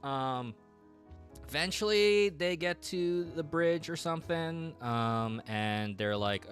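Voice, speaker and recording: A man casually recapping a story while drawing on stream, rambling with many fillers and quick quoted voices. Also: fairly high pitch, animated, a bit bright. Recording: faint music behind.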